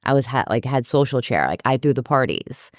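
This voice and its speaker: A woman from New York, a podcast guest and therapist, telling candid stories in an animated, self-deprecating way. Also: a bass voice, a little fast, dry recording, clean studio sound. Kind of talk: candid storytelling in conversation.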